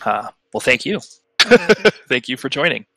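A man hosting a live stream as game master, narrating a tabletop game in a relaxed, chatty way. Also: mid-range voice, measured pace, creaky, dry recording, rough recording. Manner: relaxed, chatty, with fillers and restarts.

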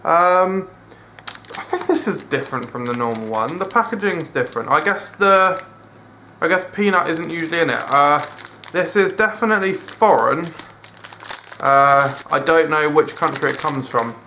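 A man's voice: on the high side, expressive, normal speed, pushed and bright, a little hiss or hum. A British man casually reviewing a snack, rambling and hesitant, talking with his mouth full. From United Kingdom. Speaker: food reviewer. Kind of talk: casual food review vlog.

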